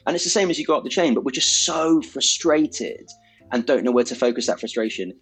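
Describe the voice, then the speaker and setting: A man's voice: mid-range voice, animated, fairly quick, fairly bright tone, breathy edge, faint music behind. A man, an emergency doctor hosting a podcast, chatting candidly and reflectively, swearing now and then. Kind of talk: casual chat.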